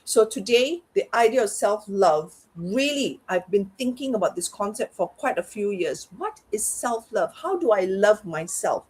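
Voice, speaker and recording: A woman's voice: mid-range voice, expressive, moderate pace, hardly any pauses, a little mellow, slightly rough. A middle-aged woman, a parenting and life coach, talking candidly and reflectively as an interview guest. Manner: reflective, talks herself through things aloud.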